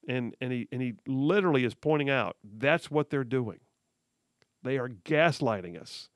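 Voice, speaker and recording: A man's voice: mid-range voice, animated, moderate pace, no echo, studio quality. A man hosting political talk radio, reading headlines aloud and mocking them with frequent laughs. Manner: sarcastic, laughs often, reads headlines aloud. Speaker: radio talk show host.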